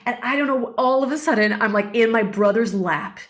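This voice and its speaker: A middle-aged woman, a breathwork facilitator, telling personal stories in an emotional, animated way with many fillers. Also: on the high side, a little fast. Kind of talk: casual interview storytelling.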